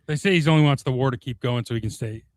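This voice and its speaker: A man's voice: mid-range voice, very fast, no echo. A middle-aged man co-hosting a podcast in casual political chat, telling stories and laughing at his own jokes. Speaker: podcast co-host.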